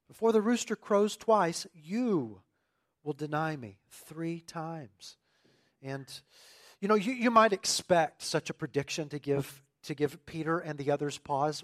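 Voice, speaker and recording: A man preaching a sermon, emphatic and earnest, swinging from loud declarations to quiet asides and often repeating phrases. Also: on the high side, animated, normal speed. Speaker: pastor.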